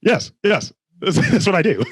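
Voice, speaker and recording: A man from Baltimore with a Baltimore accent, a podcast guest telling animated, profane stories in casual chat and acting out what people said. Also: high-pitched, moderate pace, breathy edge, no echo. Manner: animated storyteller, swears freely, acts out quotes.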